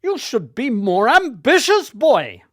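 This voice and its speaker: A man voicing a stern, gruff Welsh male schoolteacher with a loud, barking delivery. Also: very high voice, big pitch swings, takes it slowly, no room sound, studio quality, voice pushed up, heavily acted.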